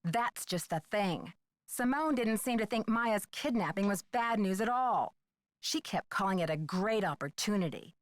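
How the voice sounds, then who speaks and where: A woman voicing a sharp young female amateur detective in a video game, inquisitive and methodical. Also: medium pitch, expressive, normal speed, no echo, natural voice. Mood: puzzled.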